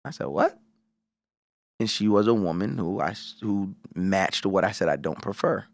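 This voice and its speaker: A man's voice: low-pitched, normal speed, creaky, no echo, clean studio sound. A man co-hosting a podcast, telling a story in casual chat, swearing freely and acting out what people said. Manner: animated storytelling, profane, acts out quoted voices. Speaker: podcast co-host.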